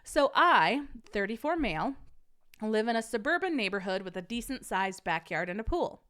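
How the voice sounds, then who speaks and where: A woman's voice: fairly high pitch, sing-song, normal speed, a bit bright, smooth. A woman hosting a casual live-streamed podcast, chatting with viewers and reading a story aloud, laughing often.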